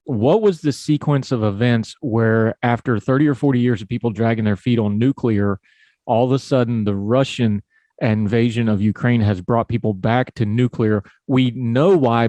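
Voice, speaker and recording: A man's voice: medium pitch, dry recording. Folksy man hosting a policy podcast. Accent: Southern US hillbilly. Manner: folksy, conversational, energetic. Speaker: podcast host. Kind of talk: casual political talk.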